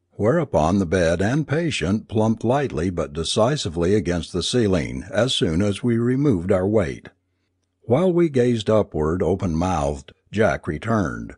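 Husky, expressive male story narrator. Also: low voice, no room sound, clean studio sound. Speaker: audiobook narrator. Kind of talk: scripted narration.

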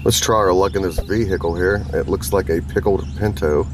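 A man's voice: deep voice, fairly even intonation, brisk, few pauses. A man hosting a gaming channel, giving goofy, crude gameplay commentary and slipping into silly voices. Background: game music and sounds.

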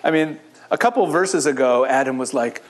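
A middle-aged man from Israel, a rabbi giving a sermon-style Bible teaching to a church audience, telling the story with lively asides and acting out the characters' lines. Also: mid-range voice, moderate pace. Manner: animated storytelling, acts out the biblical characters in quoted voices.

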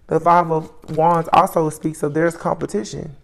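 A woman giving a solo tarot reading, musing aloud as she names each card, with soft exclamations along the way. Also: sits low, steady tone, normal speed, vocal fry, hardly any pauses. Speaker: tarot reader.

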